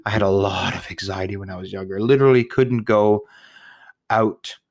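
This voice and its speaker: A man's voice: on the low side, level tone, moderate pace, gravelly, darkish tone, no echo, clean studio sound. A young man, a new father, talking casually and candidly to the camera, rambling, swearing often and laughing at himself. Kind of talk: casual personal monologue.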